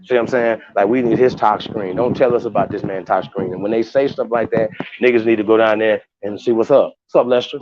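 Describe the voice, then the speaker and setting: A man's voice: on the low side, steady tone, fairly quick, slight background noise. A man hosting a casual livestream, talking to viewers in a heated, profane, rambling way with many restarts. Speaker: livestream host. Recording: dull lo-fi sound.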